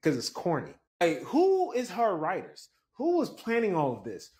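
Guy talking, super lively pitch, sounds fed up, kinda high voice. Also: normal speed. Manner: animated, pitch swinging up when exasperated. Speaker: commentator. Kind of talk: casual opinion clip.

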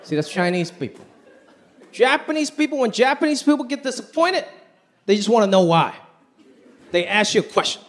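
A man's voice: high-pitched, big pitch swings, normal speed, pauses often. A man doing a stand-up comedy set in a theater, talking conversationally with punchy delivery and exaggerated impressions. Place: large theater with live audience. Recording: live stage recording with loud crowd. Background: audience laughter and applause.

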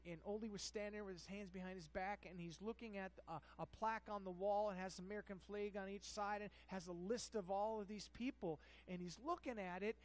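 Impassioned preacher swinging from hush to shout. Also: medium pitch, low-quality recording. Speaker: pastor. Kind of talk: sermon.

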